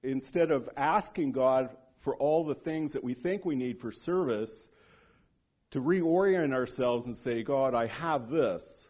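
Man preaching an animated sermon. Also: measured pace. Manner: animated storyteller who acts out quoted speech; drops to a hushed, low voice for solemn points.

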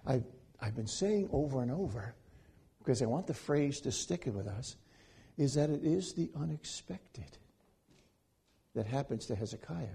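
A man preaching a sermon, swinging between loud pleading passages and hushed, quiet stretches. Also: a little high, creaky, husky.

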